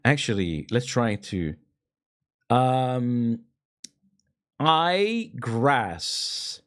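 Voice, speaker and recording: A man's voice: medium pitch, very animated, very slow, fairly bright tone. A man streaming a game and joking around in a casual, playful way, often stammering and restarting. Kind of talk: casual let's-play commentary.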